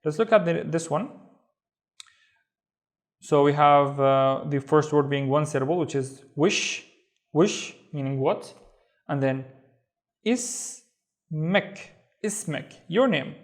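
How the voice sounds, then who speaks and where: A man's voice: on the high side, expressive. Patient man teaching word by word. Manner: patient, sounds out syllables slowly and repeats them. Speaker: Arabic teacher. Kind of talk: slow step-by-step reading lesson.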